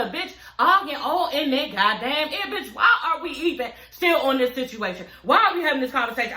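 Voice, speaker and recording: A high-voiced woman gives a blunt, profane recap of a reality TV episode, laughing as she talks straight to her listeners. Her voice is sharp and bright. She sounds like she is in a roomy, echoing space. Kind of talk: casual profane recap chat.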